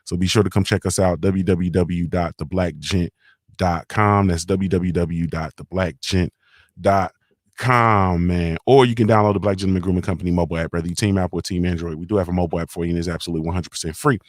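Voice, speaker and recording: Male morning-show host, lowish voice, relaxed slangy banter from home, dry close sound. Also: quick pace, dry recording. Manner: laid-back slangy talk, shouting out viewers. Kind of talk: casual livestream chat.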